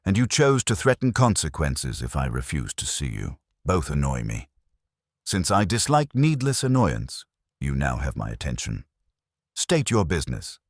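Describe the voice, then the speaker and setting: A stout, imperious genius detective, as a man reads him, gives orders in clipped, dismissive sentences. His voice sits extremely deep and slightly husky, with a lively rise and fall. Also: normal speed, no room sound, clean studio sound, exaggerated voice. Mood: curt. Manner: curt, commanding, dismissive.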